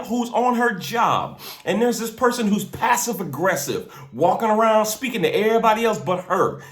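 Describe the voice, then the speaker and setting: A man's voice: sits high, a bit bright, echoey room. A man hosting a faith podcast, preaching with energy and street slang, often repeating his words. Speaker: podcast host and minister. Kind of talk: preaching-style podcast talk. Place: in a car.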